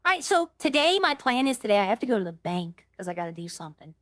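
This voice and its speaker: A woman's voice: medium pitch, quick pace, no room sound, studio quality. A woman streamer chatting casually and rambling through stories while she plays a role-play game. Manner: rambling, chatty, animated when retelling stories.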